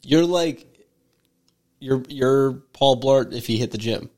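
A man's voice: medium pitch, slow pace, a little mellow. Reactive man with mid-range voice. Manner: reactive, exclaims and swears in disbelief. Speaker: podcast co-host. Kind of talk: casual podcast chat.

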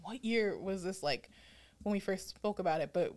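A woman's voice: mid-range voice, normal speed, darkish tone. A woman co-hosting a podcast in casual, reflective chat, laughing often and putting on playful voices for her inner thoughts. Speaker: podcast co-host.

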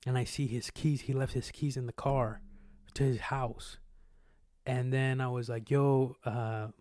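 A man's voice: medium pitch, little pitch movement, unhurried, a little mellow, dry recording, studio quality. A young man co-hosting a podcast, telling rambling, slangy stories and acting out quotes with swearing. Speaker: podcast co-host. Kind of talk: casual storytelling chat.

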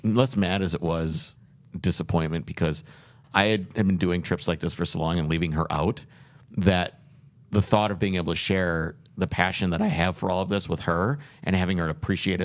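A man's voice: low-pitched, moderate pace. A man on a podcast telling a long road trip story, rambling and earnest with many restarts. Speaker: podcast host. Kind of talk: casual podcast chat.

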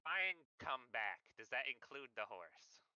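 Very bright-voiced male player, dull mic. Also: medium pitch, very animated, unhurried. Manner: calls his character by name in third person. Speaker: tabletop game player. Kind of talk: casual tabletop play.

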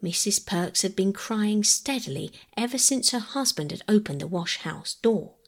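A woman reading a bedtime story aloud, narrating quietly and calmly. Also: mid-range voice, normal speed.

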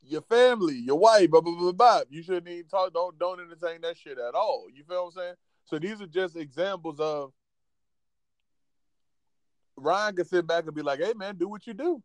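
Blunt, profane male co-host in his thirties, slightly high voice, dry close recording. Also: normal speed, no echo. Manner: blunt, profane, keeps it real. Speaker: podcast co-host. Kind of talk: casual chat.

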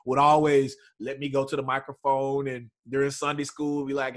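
A man's voice: mid-range voice, moderate pace. A man, a preacher, telling stories in a casual interview and acting out the voices of the people in them. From East Texas. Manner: animated storyteller, acts out voices in quotes. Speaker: preacher and guest.

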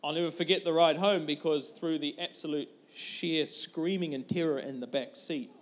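Brief: man, thirties, pastor, lively comic storyteller. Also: on the high side, normal speed. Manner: animated, humorous storytelling. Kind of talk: sermon.

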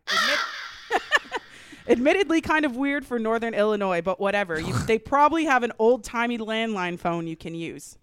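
A woman's voice: a little high, very animated, normal speed, fairly bright tone, clear, resonant tone, dry recording. A woman hosting a casual podcast, telling gossip with frequent laughter and reading out an adventure prompt. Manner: laughs often, gossipy storytelling. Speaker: podcast host. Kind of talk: casual group chat, reading a game prompt.

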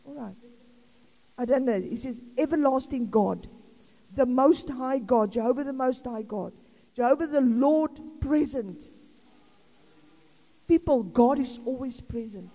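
A woman's voice: high voice, unhurried, pauses often, mellow. Chatty South African woman preaching in hall. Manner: chatty, laughing asides, rambling. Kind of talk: informal sermon. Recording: long reverb of a hall.

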